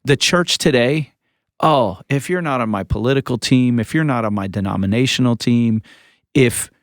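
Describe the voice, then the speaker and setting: A church leader co-hosts a podcast, chatting casually about scripture in a lively, joking way and acting out quotes. His mid-range voice moves at a moderate pace, recorded dry and at studio quality.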